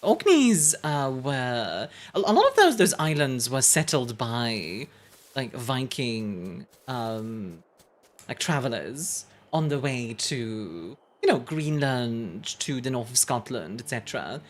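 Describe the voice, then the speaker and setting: Young woman, streamer, low pitch, hugely expressive, laughs often, rambling chat-facing asides. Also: slow pace. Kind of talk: casual live-stream game commentary.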